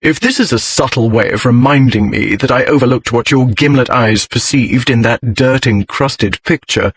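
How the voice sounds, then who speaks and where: A man's voice: mid-range voice, normal speed, slightly rough, lightly acted. A man voicing a grim aristocratic English lord who speaks in a bored, dry and scornful way, in an audiobook reading.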